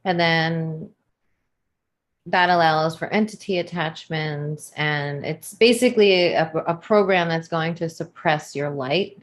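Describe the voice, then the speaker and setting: A woman's voice: sits low, slow. A woman co-hosting a live online show, explaining ideas in an earnest, thoughtful way. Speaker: co-host. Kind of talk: casual livestream chat.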